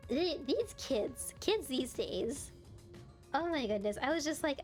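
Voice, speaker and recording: A young adult woman streamer in casual live-stream chat, telling stories in an animated way and laughing often. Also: high-pitched, a little slow, faint music behind.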